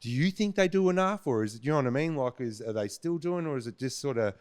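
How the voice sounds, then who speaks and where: A man's voice: medium pitch, expressive, quick pace, a little mellow. A man hosting a podcast in a casual, blunt way, swearing freely and often checking in with his guest. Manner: blunt and swearing, keeps checking in with "you know what I mean". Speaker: podcast host.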